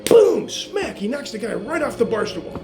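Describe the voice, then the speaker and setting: Male joke teller, slightly high pitch, rambling and filler-heavy delivery, music bed behind. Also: expressive, fairly quick, creaky. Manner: rambling storytelling with many fillers, growing louder and higher toward the punchline. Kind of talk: telling a long joke.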